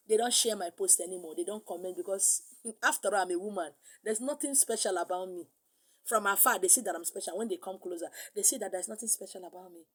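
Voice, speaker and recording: A middle-aged woman with a Nigerian accent preaching a sermon, animated, slipping into pidgin and acting out other voices. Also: mid-range voice, slightly rough. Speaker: spiritual teacher.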